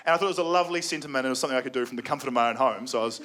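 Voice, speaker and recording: A man's voice: medium pitch, rapid-fire. A young man with a New Zealand accent doing live stand-up comedy, sardonic and sweary, often laughing at his own jokes. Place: comedy venue before a live audience. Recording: loud crowd laughter and room noise.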